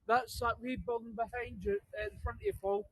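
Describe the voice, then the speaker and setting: A man's voice: extremely high pitch, big pitch swings, fairly quick, fairly bright tone, breathy edge, no echo. A Scottish man giving short, plain answers on an outdoor graveyard tour. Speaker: tour guide.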